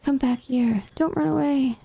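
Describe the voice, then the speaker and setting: A woman's voice: sits high, normal speed, vocal fry, mellow, husky. A young woman streamer chatting casually and rambling to herself as she plays a game. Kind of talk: casual chat while gaming.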